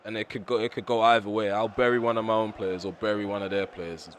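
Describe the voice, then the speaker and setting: A young man commentating his own football video game, ranting bluntly at his players with a voice going hoarse. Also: on the low side, steady tone, quick pace, slight background noise. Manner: frustrated, ranting, blunt with mild swearing. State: voice getting hoarse. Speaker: gaming YouTuber. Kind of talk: live gameplay commentary.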